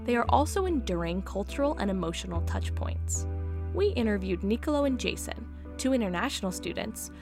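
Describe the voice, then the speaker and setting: A woman reads documentary narration in a measured, polished way. Her mid-pitched voice is set over clearly audible background music. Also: expressive.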